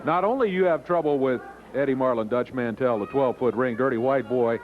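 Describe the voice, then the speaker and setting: A man hosting a wrestling TV show, calling the action and interviewing a wrestler in an excitable manner. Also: mid-range voice, a little fast. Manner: excitable, reads stipulations aloud. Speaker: wrestling TV host and commentator. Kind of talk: play-by-play commentary and interview. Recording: lo-fi early-90s TV broadcast with crowd noise.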